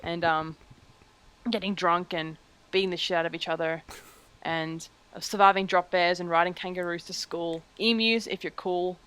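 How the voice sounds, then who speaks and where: A woman's voice: on the low side, steady tone, normal speed, fairly bright tone, clean tone, low-quality recording. A young Australian woman with an Australian accent, chatting as an interviewee, joking, swearing freely and laughing often. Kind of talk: casual chat.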